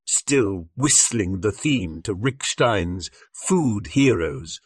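A man's voice: lowish voice, no room sound, studio quality, heavily acted. A man voicing a cheeky male mate who teases his friend and wheedles to borrow money. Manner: teasing and wheedling.

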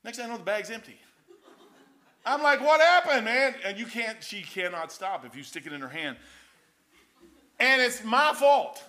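An older man delivers a storytelling sermon, casual and rambling, packed with folksy anecdotes and frequent uses of "man." His high-pitched voice is expressive, pushed, and bright, at a moderate pace.

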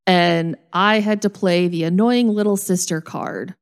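A woman co-hosting a podcast, telling a lively, self-mocking story in a casual chat. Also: fairly low pitch, a little slow, clear, resonant tone.

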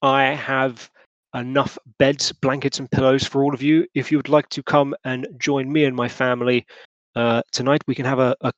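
A man's voice: mid-range voice, level tone, normal speed, dry recording, dull audio, lightly acted. A man voicing a pompous male committee head, speaking in a genteel, fussy way in a dry, close-sounding recording. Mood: hospitable. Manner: pompous, genteel Victorian gentleman.

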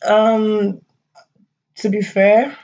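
A woman's voice: medium pitch, flat delivery, extremely slow, dark tone, highs cut off. A woman hosting her own podcast, chatting casually with her listeners. She laughs often and uses a lot of fillers and asides. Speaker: podcast host. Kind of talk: casual solo podcast chat.

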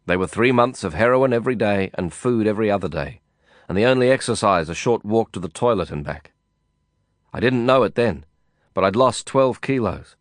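A man reading a first-person novel aloud in a measured, brooding way. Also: on the low side, lively intonation, no echo, clean studio sound. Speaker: audiobook narrator.

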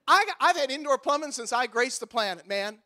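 A male pastor preaches a sermon. His voice sits unusually high and rings sharp and bright. He drives his points home with impassioned, repeated refrains. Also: lively intonation, fairly quick.

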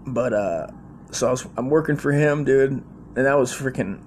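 A man's voice: medium pitch, moderate pace, slight background noise. A man in his forties telling a rambling, slangy, profane story in a casual way.

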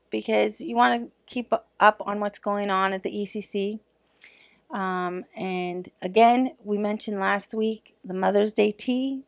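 Bubbly middle-aged woman with a gravelly voice. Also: mid-range voice. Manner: bubbly and chatty, cheerful with children. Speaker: podcast host at an early childhood center. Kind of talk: casual podcast chat, talking with young children.

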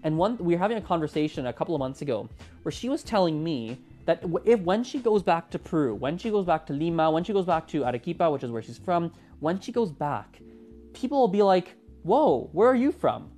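Soft music plays behind a mid-range voice speaking quickly: a twenty-something host on a solo podcast episode, chatting casually and animatedly with a lively rising lilt.

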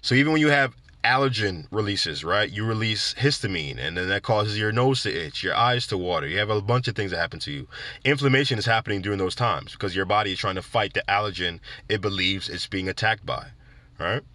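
A man hosting a casual commentary show, talking in an animated, digressive way with wry asides. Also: on the low side, fairly quick, dry recording. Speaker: podcast host.

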